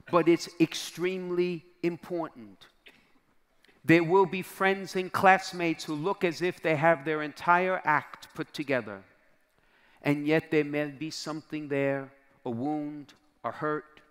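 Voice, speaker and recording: A man's voice: a little high, a bit bright, clear, resonant tone. A middle-aged man, a bishop, preaching to young people by telling a story, acting out the dialogue and dropping almost to a whisper at key moments. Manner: dramatic storyteller, acts out quoted dialogue, drops to near-whisper at key moments. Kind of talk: storytelling sermon to a youth crowd. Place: large convention hall. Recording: long reverb of a large hall.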